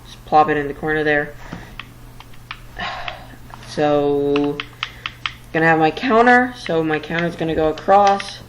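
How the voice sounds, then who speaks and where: A woman's voice: deep voice, steady tone, measured pace, long pauses, a little hiss or hum, low-quality recording. A woman giving casual let's-play commentary while building, rambling and a little flustered, tired late at night. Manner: rambling, flustered, self-deprecating. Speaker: gameplay commentator.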